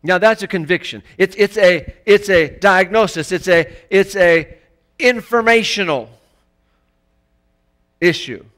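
A man preaching a sermon in a church, emphatic and rising to loud exclamations. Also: sits high, unhurried, long pauses. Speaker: pastor.

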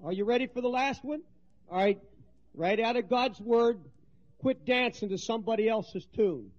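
A man preaching a passionate sermon, swinging between hushed pleading and shouting, from a 1970s recording. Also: high voice. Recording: dull lo-fi 1970s sermon tape.

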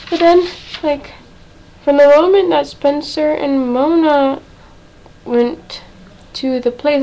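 A teenage girl rambling excitedly in a casual reaction vlog, full of "like" and dramatic outbursts. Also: high voice, slow, pauses often, rough recording. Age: teens. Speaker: fan vlogger.

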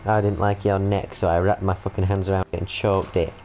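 A young British man doing excitable, swearing, joking commentary while playing a stealth game. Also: sits low, fairly quick, slight background noise, low-quality recording. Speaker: gaming video host. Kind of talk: let's-play commentary.

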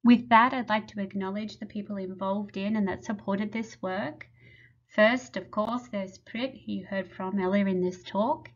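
Woman lab head, measured explanatory webinar talk, mid-pitched, slightly muffled audio. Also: steady tone. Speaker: lab head presenting research. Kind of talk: prepared webinar presentation.

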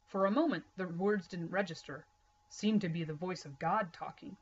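A woman reading a novel aloud in a steady, plain narrating voice with occasional small slips. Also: fairly low pitch, normal speed, breathy edge, highs cut off. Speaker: reader. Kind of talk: storybook read-aloud.

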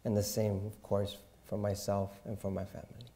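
A man preaching a sermon in a slow, reverent manner, dropping to soft, hushed asides. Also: fairly low pitch, level tone. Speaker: pastor.

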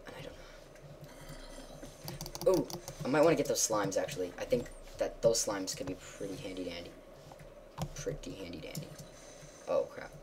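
A woman giving casual gameplay commentary, excitable, jumping from loud yelps to quiet mutters. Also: extremely low pitch, moderate pace, pauses often, slight background noise. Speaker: gamer.

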